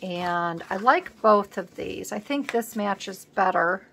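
A woman hosting a collage video, chatting casually as she works at a home craft table, rambling and thinking aloud, sometimes dropping to a soft murmur. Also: medium pitch, expressive, slow, vocal fry, slight background noise. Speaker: collage artist host.

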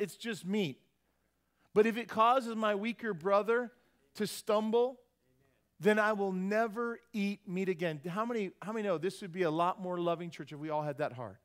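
Male pastor, American accent, high-pitched, chatty sermon delivery with frequent questions to the crowd. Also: normal speed. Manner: animated, conversational preaching with rhetorical questions.

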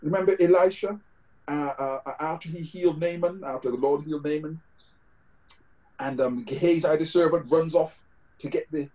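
A man's voice: on the high side, moderate pace, mellow, lo-fi sound. A man with a British accent preaching a sermon over a video call, conversational, with scripture quotes and fillers. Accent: British English.

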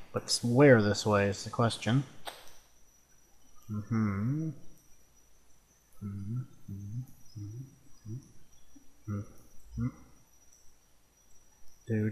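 A young man casually commenting on his own gameplay, chatty and quick to swear and exclaim. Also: fairly low pitch, slightly rough. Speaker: let's play host.

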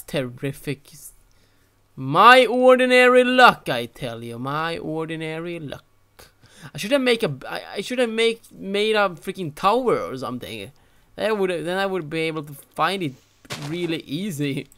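A man doing let's-play gameplay commentary, talking to himself with animated, exasperated exclamations. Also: high voice. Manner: animated, exasperated self-talk with frequent exclamations. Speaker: gaming channel host.

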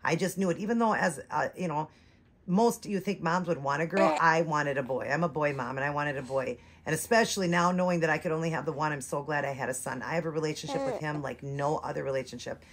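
A woman's voice: deep voice, fast talker, a little hiss or hum. A woman in her forties chatting to viewers, telling a long rambling story. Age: 40s. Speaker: reborn doll vlogger. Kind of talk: casual chat to viewers.

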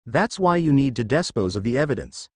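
A man's voice: mid-range voice, sing-song, fairly quick, no room sound, clean studio sound. A man voicing a cruel, scheming male ninja who addresses a mob, in a fan fiction reading.

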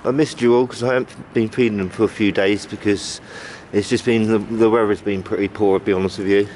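A rambling, chatty man in his fifties talks into a handheld phone on a city street. His voice sits fairly low, and clear traffic noise runs behind him outdoors. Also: fairly even intonation, a little fast, darkish tone. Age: 50s. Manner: chatty, rambling, calls out fondly to pigeons by name. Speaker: vlogger. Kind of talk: casual walk-and-talk vlog.

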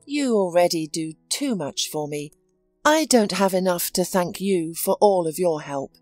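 A woman's voice: lowish voice, animated, measured pace, darkish tone, no echo, soft background music. A woman reading the lines of a weary, betrayed young wife in a storybook narration, speaking weakly and sadly. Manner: weak, sad, resigned.

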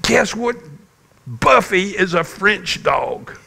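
Man putting on a squeaky eager little girl, high bright voice, faint hum behind. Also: very animated, slow pace, vocal fry, heavily acted. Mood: excited.

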